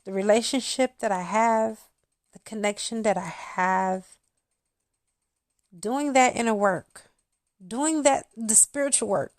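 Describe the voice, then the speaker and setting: A woman's voice: a little high, a little slow, long pauses, dry recording, clean studio sound. A woman in her thirties, a spiritual channel host, talking intimately to her viewers and acting out quotes as she tells a story. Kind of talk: casual monologue to viewers.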